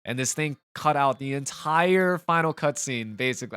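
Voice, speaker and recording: A man talks over a video game in a frustrated, rambling way, full of stops and restarts. His voice sits in a middle pitch. The sound is dry and close, with little room echo. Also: expressive, normal speed, fairly bright tone, smooth. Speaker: gaming channel host. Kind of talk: let's play commentary.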